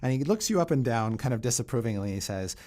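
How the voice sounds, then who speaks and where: A man narrating a tabletop game as dungeon master, describing scenes unhurriedly with frequent pauses. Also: mid-range voice, animated, warm tone.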